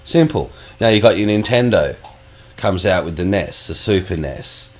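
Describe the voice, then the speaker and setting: A man's voice: sits low, animated, normal speed. A man co-hosting a gaming podcast, chatting casually and swearing freely. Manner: sweary, rambling, laid-back. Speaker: podcast co-host. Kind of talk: casual chat.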